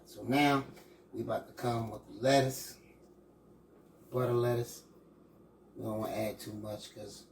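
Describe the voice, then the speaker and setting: A man with a gravelly, middle-pitched voice runs a casual cooking demonstration, chatting folksily with his viewers as he works. He sounds relaxed and talkative, calling out "boy" often. Food sizzles clearly in the pan behind him in the kitchen. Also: a little hiss or hum, rough recording. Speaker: host cooking on camera. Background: sizzling frying food.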